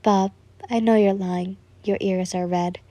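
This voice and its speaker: A woman plays a protective young friend, direct and insistent in a fan story reading. The voice is unhurried and mellow, close and dry. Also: mid-range voice, fairly even intonation, no room sound, close to an everyday voice.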